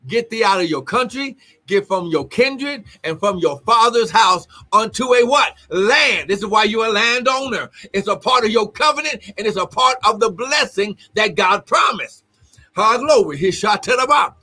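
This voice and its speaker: A man delivers a livestreamed sermon in a high, ringing voice. He reads scripture, talks back to the viewers, and bursts into loud shouts and exclamations. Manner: reads scripture aloud and comments. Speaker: preacher.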